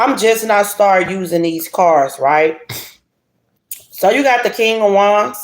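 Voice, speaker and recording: A woman gives a casual tarot reading straight to her audience. She is blunt, profane and lively, and she laughs a lot. Her voice sits at an average pitch, in an echoey room with a faint hiss. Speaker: tarot reader. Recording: roomy echo, faint hiss.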